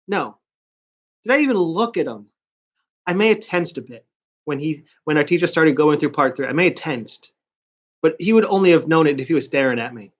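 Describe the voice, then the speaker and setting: A man's voice: high-pitched, normal speed. Ranting, profane man on muffled audio. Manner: ranting, profane, self-mocking. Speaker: vlogger and college student. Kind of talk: casual rambling vlog.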